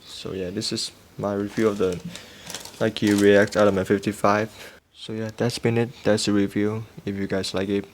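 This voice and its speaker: A man reviewing sneakers in a relaxed, casual way, halting often with fillers and restarts. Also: on the low side, a little hiss or hum.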